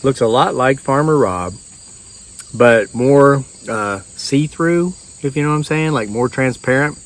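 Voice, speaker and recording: A man spins a tall tale in a folksy, rambling drawl. He tells it loose and easy, like a yarn among neighbors, with a voice of middling pitch. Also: animated, unhurried. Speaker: storyteller.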